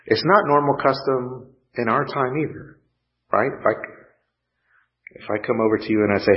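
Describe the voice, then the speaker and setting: A man preaching a sermon, earnest and pausing, lifting his voice when he quotes scripture. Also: mid-range voice, expressive, vocal fry. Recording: dull lo-fi sound.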